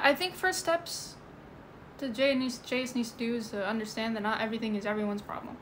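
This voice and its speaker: A woman talks loosely into her phone during a livestream, filling her sentences with "like" and "you know". Her voice sits on the high side. A faint background hum runs under her speech. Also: fairly bright tone. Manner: rambling, full of "like" and "you know". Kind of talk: casual livestream chat. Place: indoors at home.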